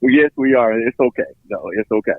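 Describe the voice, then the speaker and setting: A man's voice: medium pitch, a little fast, no room sound. A man who is a football coach, calling in from an indoor sports facility and giving brief answers. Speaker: guest coach. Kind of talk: phone-in interview. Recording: tinny phone line.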